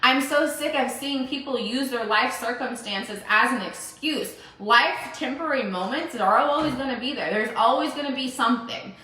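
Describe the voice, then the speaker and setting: A woman's voice: on the high side, pushed and bright. A young woman giving an emphatic motivational talk in her own vlog, repeating phrases for stress. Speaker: entrepreneur vlogger. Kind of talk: motivational self-recorded vlog. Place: home room with dogs. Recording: very echoey room.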